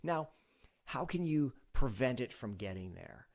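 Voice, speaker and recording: Man, sales coach, host, conversational, animated, direct advice. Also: medium pitch, a little slow. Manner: animated, acts out meeting lines with sudden loud bursts; conversational, coaching in second person. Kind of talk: direct-to-camera advice talk.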